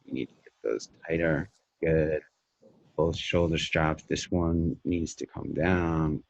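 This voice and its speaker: A man coaching someone through a pitch in a live webinar, brisk and demonstrative in a salesy way. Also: fairly even intonation, vocal fry, no room sound, lo-fi sound.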